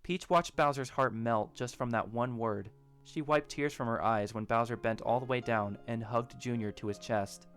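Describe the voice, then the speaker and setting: A man reads a story aloud in a steady, even voice at an ordinary middle pitch. A faint music bed sits under the narration. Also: normal speed. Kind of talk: audiobook narration of a fan story.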